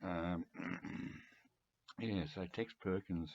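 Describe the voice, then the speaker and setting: Older Australian bloke in his seventies, low husky voice, rambling chatty vlog, dull lo-fi sound. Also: steady tone, drawn-out words, a little mellow. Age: 70s. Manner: chatty, rambling, chuckling, frequent throat-clearing. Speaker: music collector video host. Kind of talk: casual rambling monologue to camera.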